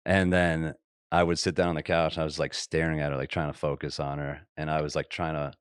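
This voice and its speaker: Guy in his 30s, really low voice, laughing through a podcast story, dry close sound. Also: fairly quick, clean tone, dry recording. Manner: laughing anecdotes, drops to a whisper for quoted asides. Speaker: podcast host. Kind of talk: casual storytelling chat.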